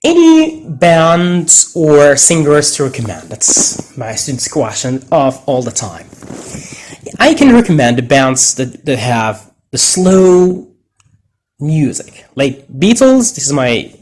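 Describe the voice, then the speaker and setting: A man teaching English pronunciation in a deliberate way, with Arabic as his first language, exaggerating stressed words as he models them. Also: a little high, sing-song, darkish tone. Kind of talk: pronunciation lesson.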